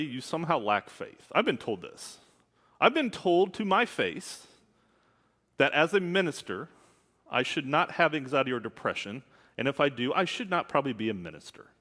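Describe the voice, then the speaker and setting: Candid preaching man, lively voice. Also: mid-range voice. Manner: candid, conversational preaching with asides. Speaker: minister. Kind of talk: sermon. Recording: long hall reverb.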